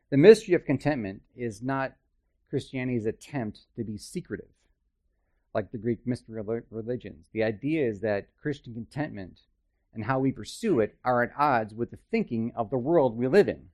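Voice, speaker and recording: A man's voice: medium pitch, darkish tone. A man teaching a Bible study in a conversational way, with chatty, self-deprecating asides and frequent checks with his listeners.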